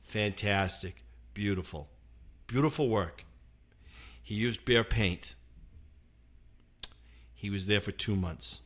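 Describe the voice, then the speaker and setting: A man who works as a contractor, co-hosting a podcast and telling an animated job-site story, acting out what people said. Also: lowish voice, slow, pauses often. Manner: animated, acts out quotes with laughs. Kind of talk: casual storytelling chat.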